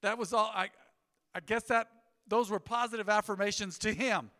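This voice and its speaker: A middle-aged male pastor delivers a sermon in a high, bright voice, moving between quiet asides and animated punchlines. His voice rings out with a long reverb through the church hall. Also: moderate pace. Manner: animated storytelling with rising emphasis. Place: church sanctuary.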